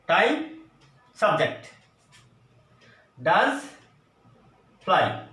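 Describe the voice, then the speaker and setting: Guy teaching english grammar, high lively voice, slow, echoey room, mic kinda far. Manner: slow, deliberate explaining with repeated examples. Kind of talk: grammar lesson at a board. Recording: echoey room, voice from a distance, faint noise.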